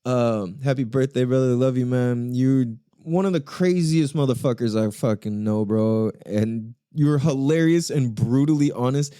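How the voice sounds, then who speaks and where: A man's voice: mid-range voice, unhurried, few pauses, dark tone, smooth, no room sound, clean studio sound. A man hosting a podcast on his own, rambling in a casual, profane way, with frequent laughs. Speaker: podcast host. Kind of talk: casual solo podcast monologue.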